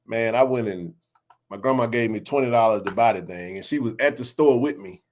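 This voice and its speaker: A man's voice: mid-range voice, a little fast. A man in his forties hosting a sports podcast, telling neighborhood stories in a laughing, slangy way. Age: 40s. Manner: laughing, animated storyteller with slang. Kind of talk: casual storytelling chat.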